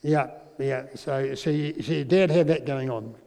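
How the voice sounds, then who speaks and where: A man preaching a sermon, telling a personal story and dropping to a soft, quiet voice at emotional moments. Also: medium pitch, unhurried, vocal fry. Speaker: pastor. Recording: long reverb in a large hall.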